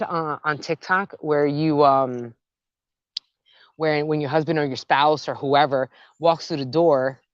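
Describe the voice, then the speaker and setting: An excitable woman walks through her backyard garden filming on her phone and chatting the whole way. Her slightly low voice swoops up and down as she gushes over her plants. The audio is dry and a little muffled. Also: no room sound. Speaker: gardening vlogger. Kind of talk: casual walk-and-talk vlog.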